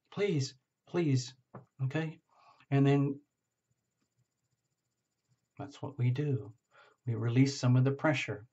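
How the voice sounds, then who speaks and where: A man giving a casual tarot reading, talking gently and rambling, often checking in with "okay?". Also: medium pitch, muffled recording. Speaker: tarot reader.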